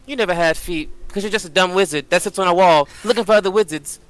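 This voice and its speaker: A man's voice: sits high, fast talker, clear, resonant tone, no echo, voice pushed up, close to an everyday voice, low-quality recording. A man playing a young female adventurer in a tabletop game, taunting with sarcasm. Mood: mocking.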